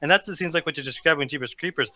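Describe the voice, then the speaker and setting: A man talking very quickly in a high, piercing bright voice. He jokes and swears through a loose chat, and his mic sounds dull and lo-fi. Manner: fast, swearing, joking. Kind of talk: casual chat.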